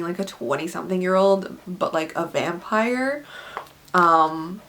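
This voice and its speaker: A woman in her twenties recommending books in a casual vlog, chatty and gushing, filling her talk with "like". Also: on the low side. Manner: chatty and gushing, heavy use of "like" fillers. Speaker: book reviewer.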